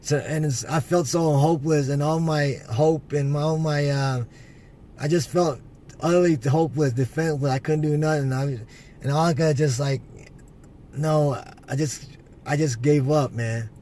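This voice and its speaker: A man telling an emotional personal testimony to his viewers, earnest and halting, with many restarts and a repeated "man". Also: on the high side, steady tone, dark tone, a little hiss or hum. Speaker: vlogger sharing a personal testimony.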